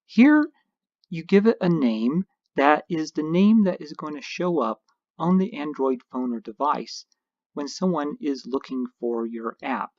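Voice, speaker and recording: Husky-voiced man explaining step by step. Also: fairly high pitch, expressive, unhurried, darkish tone, no echo, dull audio. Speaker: instructor. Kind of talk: screencast tutorial narration.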